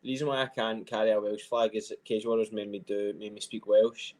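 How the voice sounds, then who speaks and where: Modest young Scottish man, low voice. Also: steady tone, a little fast, a little mellow. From Scotland. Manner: modest and self-conscious, laughs easily. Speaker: MMA fighter, guest. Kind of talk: casual interview chat.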